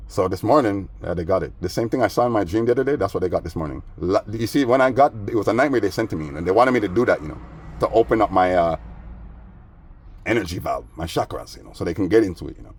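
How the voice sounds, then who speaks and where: Brief: low-pitched man, husky voice, streetwise rambling storyteller with a grievance. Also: lively intonation, fast talker, darkish tone. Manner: streetwise, peppered with "man" and "bro"; agitated, aggrieved. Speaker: vlogger.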